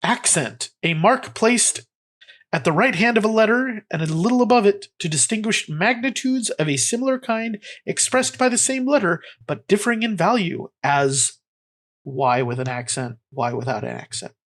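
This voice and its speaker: A man's voice: high-pitched, animated, normal speed, fairly bright tone. A man hosting a comedy podcast, rambling playfully with lots of fillers. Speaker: podcast host.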